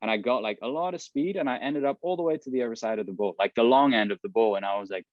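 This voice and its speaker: A man casually recounting his story in a relaxed way, full of fillers. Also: mid-range voice, fast, no room sound, muffled recording. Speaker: interviewee, skimboarder.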